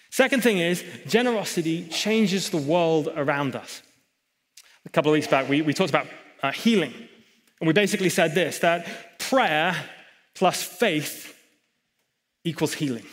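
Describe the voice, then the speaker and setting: A man's voice: fairly high pitch, expressive, moderate pace, a bit bright. A man preaching a sermon in a church hall, emphatic, with chatty asides to the congregation. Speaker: pastor.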